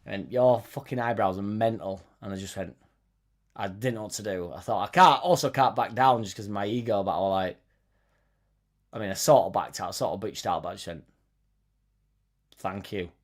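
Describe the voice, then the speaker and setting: A man's voice: on the low side, a little fast. Sweary young man, casual chat. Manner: loose, sweary, joking banter. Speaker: host of a football fan live stream. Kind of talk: casual chat, reading live comments.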